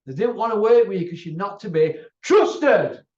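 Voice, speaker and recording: A man's voice: high voice, animated, normal speed, darkish tone. A man hosting his channel, delivering a combative, repetitive, taunting rant to camera. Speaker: channel host. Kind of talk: ranting monologue to camera. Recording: roomy, distant, dull lo-fi sound.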